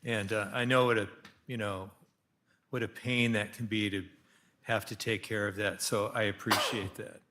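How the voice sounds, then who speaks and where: A man on a city council, speaking haltingly with many restarts while questioning a company's financials. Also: on the low side, steady tone, bright, forceful tone. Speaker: council member. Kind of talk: council deliberation.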